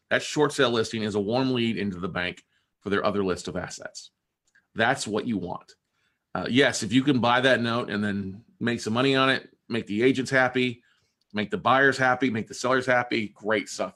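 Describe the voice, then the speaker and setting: Man, podcast host, gravelly, bright tone, casual storytelling, quotes dialogue. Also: medium pitch. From Texas. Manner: conversational, with many restarts and quoted dialogue. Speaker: podcast host and note investor.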